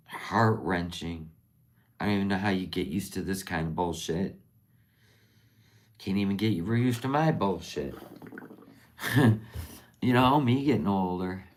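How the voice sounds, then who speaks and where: A woman's voice: extremely low pitch, darkish tone. A middle-aged woman hosting a casual livestream. She talks tenderly and openly emotionally, rambling and trailing off mid-sentence. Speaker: livestream host.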